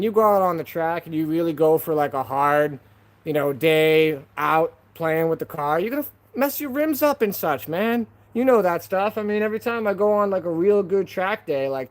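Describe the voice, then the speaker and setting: Laid-back slangy man chatting on stream. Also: a little high. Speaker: live stream host. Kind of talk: casual live stream chat with viewers. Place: at home.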